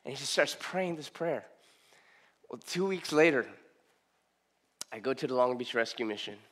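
A middle-aged man preaching a sermon, telling a personal story with emotional repetition and loud rising emphasis. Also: medium pitch, expressive, moderate pace. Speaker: pastor.

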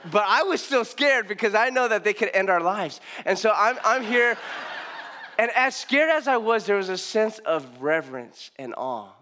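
A man from Southern California delivers a story-driven sermon to a congregation in a voice that sits high for a man. He talks in an animated way, acts out the voices of the people in his stories and often restarts his sentences mid-thought. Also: moderate pace, a little hiss or hum. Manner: animated, acts out quoted speech, frequent restarts. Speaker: preacher. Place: in front of a live congregation.

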